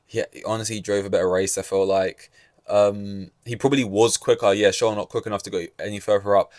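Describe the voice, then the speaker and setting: A man's voice: lowish voice, flat delivery, brisk, a little mellow, dry recording, studio quality. A young man hosting a podcast, ranting casually and sarcastically, swearing freely. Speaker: podcast host. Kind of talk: casual solo podcast commentary.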